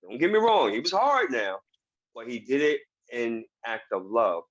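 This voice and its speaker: A man's voice: mid-range voice, very animated, normal speed, no room sound. A man speaking earnestly and emphatically as a guest in a motivational interview, recorded over a video call. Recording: dull, dry video call audio.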